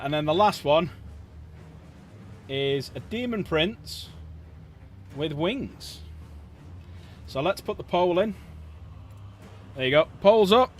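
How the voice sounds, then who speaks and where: Chatty man, slightly high voice. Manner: chatty, jokey, talks to chat. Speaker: livestream host. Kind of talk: casual chat while painting miniatures.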